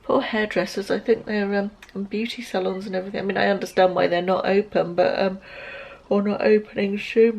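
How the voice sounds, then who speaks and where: A woman, talking to camera in a casual home vlog. Her delivery is chatty and wandering, full of little self-corrections and asides. Her voice sits at an ordinary middle pitch. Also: steady tone, fairly quick, gravelly, a little mellow, husky. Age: 50s. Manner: chatty, rambling, corrects herself. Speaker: lifestyle vlogger. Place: at home, indoors.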